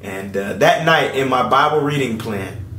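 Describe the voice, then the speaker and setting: A man in his late twenties giving an earnest personal faith testimony at home. He moves between hushed, tearful passages and loud, excited ones. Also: mid-range voice, normal speed, echoey room, slight background noise. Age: late 20s. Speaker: Christian video host. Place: indoor room at home.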